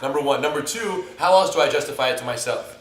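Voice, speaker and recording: Brief: American male instructor, animated co-host, somewhat higher voice, recorded from a distance in a reverberant room. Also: fast talker. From United States. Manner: animated, jokey, acts out scenarios. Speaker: jiu-jitsu instructor, co-host. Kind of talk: casual instructional chat. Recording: echoey room, mic at a distance.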